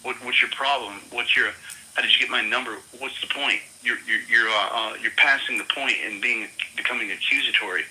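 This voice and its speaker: A man's voice: mid-range voice, fairly even intonation, fairly quick, sharp tone. A man on a phone call, angry and profane, stammering and repeating himself. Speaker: prank call target. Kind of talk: phone conversation.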